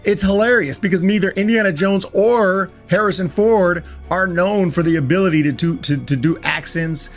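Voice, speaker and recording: A man's voice: sits high, moderate pace, few pauses, soft background music. A man giving a casual, enthusiastic film review, often stumbling and repeating words as he talks. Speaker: movie reviewer.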